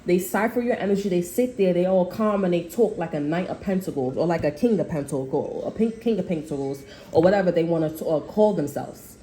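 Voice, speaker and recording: A woman's voice: fairly low pitch, animated, a little fast, few pauses, mellow, slight background noise. A woman tarot reader in a casual, rambling spiritual monologue, blunt and full of swearing. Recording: echoey room.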